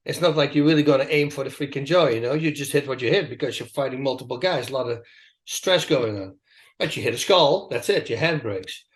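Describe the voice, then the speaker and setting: A man in an interview, telling stories in a lively, emphatic, casual way. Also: a little high. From Netherlands. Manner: animated, emphatic storytelling with asides. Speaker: interview guest, retired fighter. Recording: echoey room.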